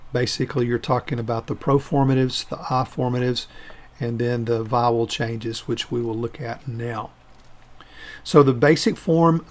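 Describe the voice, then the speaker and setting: A man of ordinary pitch leads a recorded grammar lesson. He explains each form step by step in a patient, methodical way. He pauses so learners can repeat words after him. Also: a little mellow. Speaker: Hebrew teacher.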